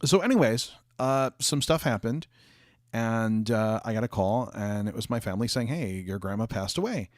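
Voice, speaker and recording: A man's voice: fairly low pitch, lively intonation, moderate pace, dry recording. Casual rambling man, very dry sound. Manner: rambling, many fillers and restarts. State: hiccuping and coughing. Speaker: streamer chatting with viewers. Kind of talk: casual livestream chat. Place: office.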